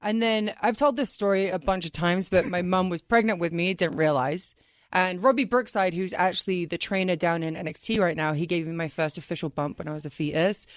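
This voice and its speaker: A woman's voice: lowish voice, fairly quick, no room sound. Chatty English woman, dry studio sound. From England. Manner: chatty, jokey, self-mocking. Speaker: guest wrestler. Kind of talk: casual interview chat. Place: radio studio.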